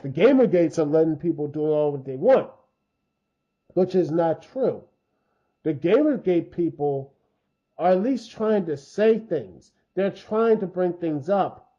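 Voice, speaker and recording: A man's voice: fairly high pitch, unhurried. A man hosting a casual commentary video, rambling with many fillers and restarts, growing frustrated and heated. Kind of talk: unscripted opinion commentary. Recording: dull lo-fi mic.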